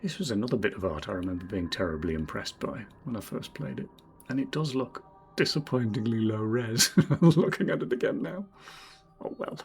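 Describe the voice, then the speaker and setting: A man in his forties from Northeast England with a southern English accent, streaming a game in casual commentary, rambling and self-deprecating, muttering quiet asides to himself. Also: mid-range voice, lively intonation, normal speed, creaky, slight background noise. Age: 40s. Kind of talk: casual game commentary while reading chat.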